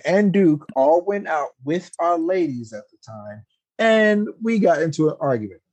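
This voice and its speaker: A man telling a wild story on a podcast in casual chat, profane and animated, his voice jumping high when he quotes people. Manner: animated, jumps to high-pitched outbursts when quoting. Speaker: podcast host.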